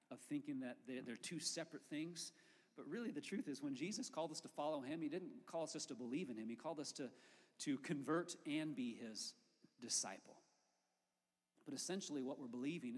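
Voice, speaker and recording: A male pastor preaching a sermon in a conversational, lively way, with asides to the congregation. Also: fairly high pitch, breathy edge, in a large hall.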